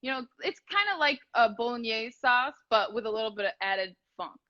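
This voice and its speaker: A woman's voice: a little high, expressive, brisk, pushed and bright. Chatty woman on a lo-fi video call. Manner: chatty, rambling with many fillers. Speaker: guest cook. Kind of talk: casual cooking chat.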